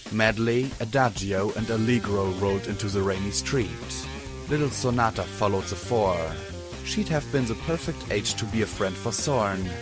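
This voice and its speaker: A man reading a fan audiobook in slow, measured narration. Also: fairly low pitch. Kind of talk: scripted narration. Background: background music.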